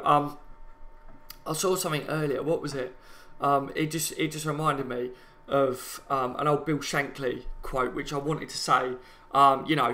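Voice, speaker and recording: Passionate and chatty, a man with a Liverpool accent runs a live fan stream, addressing viewers as "guys" and "lads." He speaks in a bright, forceful voice pitched slightly high for a man.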